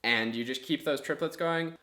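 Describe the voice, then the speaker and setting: A man teaching an online clarinet lesson, patiently explaining step by step and counting rhythms out loud. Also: a little high, moderate pace, a little hiss or hum. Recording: echoey room.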